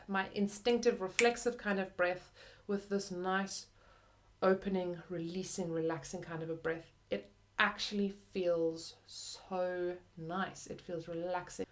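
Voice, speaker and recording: A young adult woman teaches flute in a video lesson, sounding friendly and chatty. Her explanations are loose and peppered with "like" and "kind of," and her pitch is mid-range.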